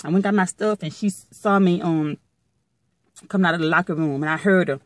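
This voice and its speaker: Middle-aged woman, blunt and foul-mouthed, animated storyteller, dry close sound. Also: on the low side, a little fast, no echo. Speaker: vlogger. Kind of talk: casual storytelling to viewers.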